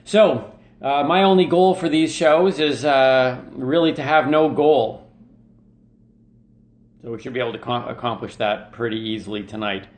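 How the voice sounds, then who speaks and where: A man hosts a live comedy stream from his living room. He talks in a loose, rambling way, with lots of ums and dry jokes at his own expense, and his voice sits at an ordinary middle pitch. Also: steady tone, moderate pace, darkish tone. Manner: rambling and self-mocking, many fillers. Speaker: podcast host. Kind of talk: casual live-stream monologue. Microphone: webcam in his living room.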